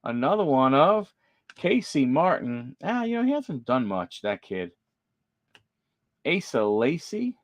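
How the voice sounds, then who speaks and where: A man's voice: medium pitch, very animated, takes it slowly, no room sound. A man hosting a live card-opening stream, chatting with viewers by name and reading off player names as he flips through cards. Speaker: card break host.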